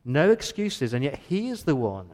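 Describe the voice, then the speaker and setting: A man's voice: mid-range voice, big pitch swings, moderate pace, a little mellow. A male pastor preaching an earnest, emphatic sermon in a church, often repeating words as he builds his point.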